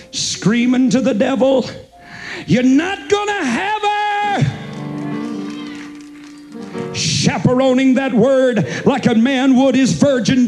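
A man preaching a revival sermon as pastor to a congregation, impassioned, rising into chanted singsong and dropping to low storytelling. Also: darkish tone, low-quality recording. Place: church service before a congregation.

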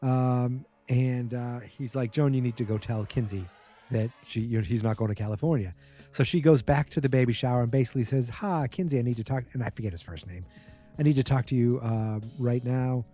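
A man's voice: medium pitch, a little fast, warm tone, soft background music. A man casually recapping a TV episode, rambling with many fillers and acting out what the characters say.

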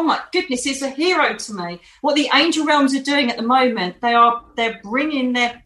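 A woman, a medium telling stories with animated emphasis as an interview guest. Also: on the high side, roomy sound, low-quality recording. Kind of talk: casual storytelling in an interview.

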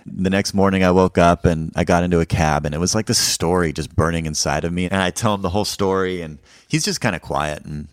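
Deep-voiced man, deadpan storyteller. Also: a little fast, dry recording, studio quality. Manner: deadpan, conversational, self-mocking. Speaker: comedian. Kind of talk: personal storytelling.

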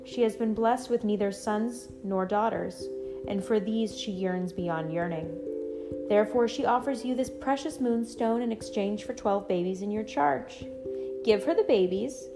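A woman's voice: mid-range voice, natural voice. A woman voicing a courtly young male messenger.

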